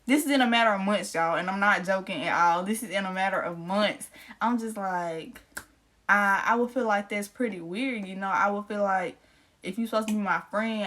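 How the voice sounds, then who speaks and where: A woman's voice: medium pitch, steady tone, brisk, a bit bright. A young adult woman in her bedroom, chatting casually to viewers as she tells a slangy personal story. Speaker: vlogger.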